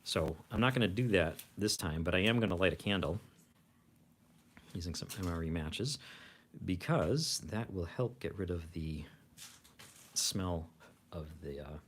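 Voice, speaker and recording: A man's voice: low-pitched, expressive, unhurried, pauses often, a little hiss or hum. A man hosting a casual livestream from home, rambling along with frequent restarts. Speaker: host of a food review channel.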